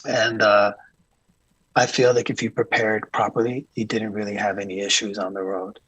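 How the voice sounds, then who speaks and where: A man being interviewed as a guest, a tour manager telling calm, earnest stories with frequent restarts. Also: lowish voice, normal speed, breathy edge, no echo, low-quality recording. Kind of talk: casual interview chat.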